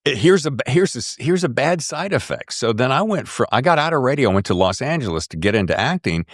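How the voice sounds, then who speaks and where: A man hosting an interview podcast, telling stories in a casual, lively way and sometimes slipping into a radio voice. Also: medium pitch, quick pace, dry recording, studio quality. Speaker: podcast host.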